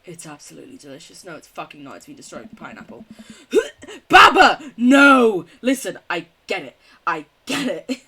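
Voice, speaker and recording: A woman's voice: low-pitched, sing-song, fast talker, sharp tone, a little hiss or hum. A young woman streaming a game, reading its text aloud and chatting casually, often giggling and swearing. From United Kingdom. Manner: giggly, swears casually, chats with chat between read lines.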